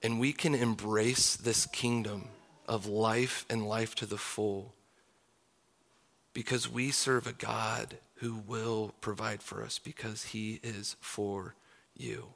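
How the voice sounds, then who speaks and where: A man's voice: lowish voice, level tone, takes it slowly, creaky. A man in his thirties, a pastor preaching a sermon in an earnest, confessional way. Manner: earnest, confessional, closing in soft prayer.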